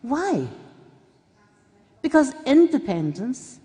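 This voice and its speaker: A Scottish woman with a Glasgow accent speaks from a conference stage, her voice fairly high for a woman. She is blunt, chatty and jokey, with the odd swear word slipping out. The sound carries a long echo from the large hall. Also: very animated, slow, dark tone, breathy edge. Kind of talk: off-the-cuff political speech.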